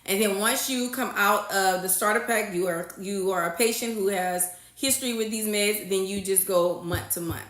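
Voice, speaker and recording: A woman who works as a registered nurse hosts a relaxed livestream, chatting with viewers, repeating her points, and reading out and replying to chat comments. Her voice is medium-pitched and fairly bright, moving at a moderate pace with hardly any pauses. The sound is reverberant and comes from a phone or webcam livestream setup.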